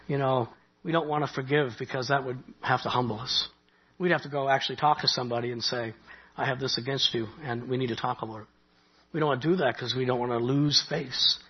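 A middle-aged Canadian pastor preaching in a loose, conversational way, his voice high and husky. He builds to animated peaks and drops back to quiet asides. The recording sounds dull and lo-fi. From Nova Scotia, Canada. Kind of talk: sermon.

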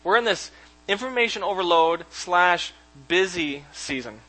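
Bright-voiced pastor, chatty sermon. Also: male voice, high voice, animated, measured pace, poor audio. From Canada. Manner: chatty and informal, chuckles and restarts often. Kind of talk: conversational sermon. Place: church sanctuary.

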